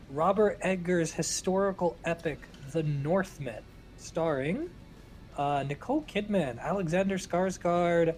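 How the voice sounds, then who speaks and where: Joking man with a New Jersey accent. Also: high voice. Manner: joking, swears casually. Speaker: podcast co-host. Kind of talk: casual chat.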